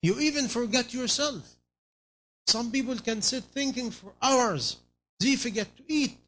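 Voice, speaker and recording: A man's voice: very high-pitched, measured pace, a bit bright. A man preaching a sermon in non-native English phrasing, pressing his listeners with repeated rhetorical questions.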